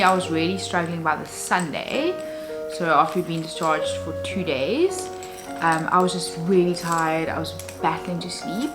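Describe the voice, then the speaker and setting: A woman's voice: lowish voice, low-quality recording. A young adult woman and new mother talking candidly in a casual personal vlog, rambling with many fillers. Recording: music playing underneath.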